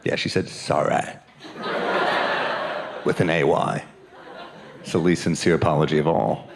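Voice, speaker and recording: A man with a low, deep voice performs stand-up on a club stage. His delivery is dry and deadpan. It is a live club recording with a clear crowd heard behind him. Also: fairly quick, very noisy. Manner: deadpan, wry delivery with quoted asides. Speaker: stand-up comedian. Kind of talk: stand-up comedy set. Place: comedy club stage with laughing audience.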